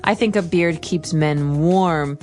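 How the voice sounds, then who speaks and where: A woman co-hosting an English lesson, explaining vocabulary clearly with examples. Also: deep voice, slow pace, a little mellow, faint music behind. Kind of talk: casual teaching chat.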